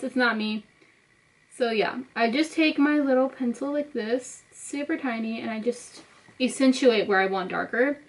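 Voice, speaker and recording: A woman's voice: sits high, low-quality recording. A young woman vlogger chatting casually as she talks viewers through her makeup step by step. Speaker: beauty vlogger. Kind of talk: casual makeup tutorial talk.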